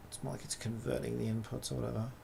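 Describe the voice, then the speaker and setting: A man's voice: medium pitch, level tone, fast talker, gravelly, background noise. A man streaming live while building a game, thinking aloud in a rambling, casual way and swearing now and then. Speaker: streamer and indie game developer.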